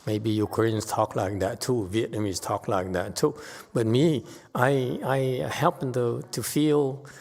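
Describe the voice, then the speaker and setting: A middle-aged man giving an unscripted Dharma lecture, halting and full of fillers, bluntly stating his opinions. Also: medium pitch, fairly even intonation, creaky, darkish tone. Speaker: Buddhist teacher giving a Dharma talk. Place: temple hall. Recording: long hall reverb.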